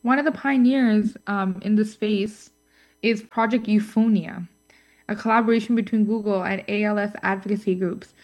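A woman co-hosts a scripted podcast segment, reading her lines in a middle-pitched voice. She stumbles now and then, fills pauses with ums and drops in playful asides. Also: fairly even intonation, darkish tone, faint music behind. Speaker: co-host. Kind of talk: scripted podcast chat on voice technology.

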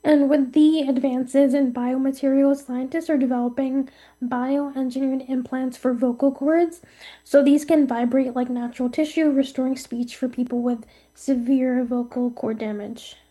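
A woman co-hosting a scripted podcast chat, reading steadily and often pausing with ums. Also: high-pitched, flat delivery, dark tone. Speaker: co-host.

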